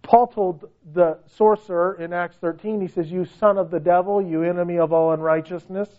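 Male preacher, very high pitch, emphatic rhetorical delivery, dull lo-fi recording. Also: steady tone, normal speed. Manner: emphatic, rhetorical questions, pitch swings widely. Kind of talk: sermon.

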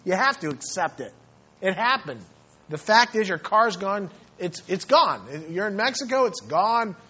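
Earnest high-voiced man preaching. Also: very animated, a little slow, pushed and bright, husky, highs cut off. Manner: earnest, repeats words, rising to emphatic questions. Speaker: pastor. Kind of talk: sermon. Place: church.

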